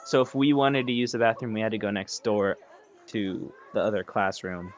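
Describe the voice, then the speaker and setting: A man's voice: fairly low pitch, normal speed. A young man, a podcast co-host, telling a childhood story in a rambling, self-interrupting way on a casual chat show. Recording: muffled lo-fi sound.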